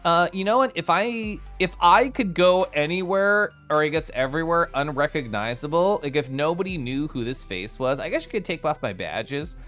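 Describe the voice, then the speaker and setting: A young man from the United States, an energetic streamer chatting casually with his viewers and answering chat, with frequent laughs and asides. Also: fairly high pitch, moderate pace, hardly any pauses, soft background music. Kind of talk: casual live-stream chat, reading chat aloud.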